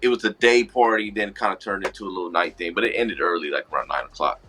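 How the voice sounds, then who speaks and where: A podcast co-host from Los Angeles rambles through a casual storytelling chat in a low but bright voice at a quick pace. He's relaxed, restarting often and peppering his speech with "I said."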